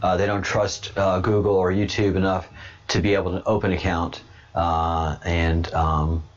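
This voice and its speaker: A man hosting a casual livestream, rambling and halting with many fillers and restarts as he answers chat comments. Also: low-pitched, flat delivery. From born in Texas, raised abroad and in Louisiana. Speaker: livestream host. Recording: dull lo-fi stream audio.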